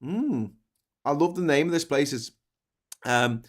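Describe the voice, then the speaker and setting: A British man hosts a live stream and chats casually with a guest. His tone is teasing and sarcastic, and his voice sits at an ordinary middle pitch. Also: expressive, moderate pace. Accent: British English. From Britain. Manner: joking, sarcastic, playful asides. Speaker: livestream host.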